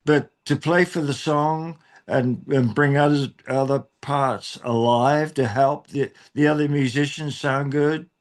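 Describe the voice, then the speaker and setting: A man's voice: fairly high pitch, fairly even intonation, measured pace, hardly any pauses. Drummer guy chatting, lots of ums, jokey. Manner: rambling, joking, many fillers and restarts. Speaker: drummer, band member. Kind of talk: casual interview chat.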